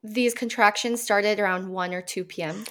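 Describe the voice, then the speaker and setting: A woman's voice: medium pitch, fairly even intonation, normal speed, a bit bright. A woman hosting an interview, speaking in an earnest, affirming way. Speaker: podcast host. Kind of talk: interview conversation.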